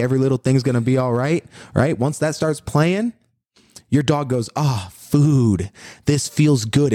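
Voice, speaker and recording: A man's voice: medium pitch, a little mellow, no echo, clean studio sound. A man co-hosting a pet-advice show, explaining dog conditioning with enthusiasm in casual chat. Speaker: dog trainer, co-host.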